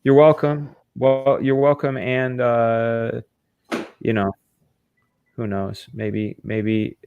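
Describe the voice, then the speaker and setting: Smooth-voiced rambling man chatting. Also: medium pitch, slow pace, no echo, phone-quality sound. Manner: rambling, animated, full of "you know". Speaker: co-host and storyboard artist. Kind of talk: casual chat on a stream.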